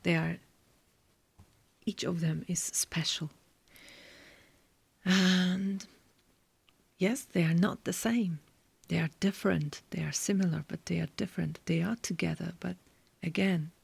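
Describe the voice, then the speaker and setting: A woman giving a tarot reading in a soft, slow whisper with many pauses. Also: fairly low pitch, gravelly, breathy edge, no echo. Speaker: tarot reader.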